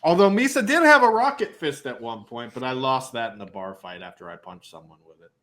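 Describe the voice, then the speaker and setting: A man's voice: medium pitch, sing-song, bright, forceful tone. A man narrating as game master in a casual tabletop role-play game. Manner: casual, swearing, quick narration.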